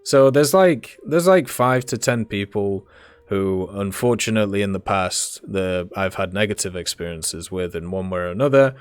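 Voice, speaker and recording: A man's voice: lowish voice, animated, normal speed, smooth, no echo. A man answering viewer questions in a casual, rambling monologue with many fillers and restarts.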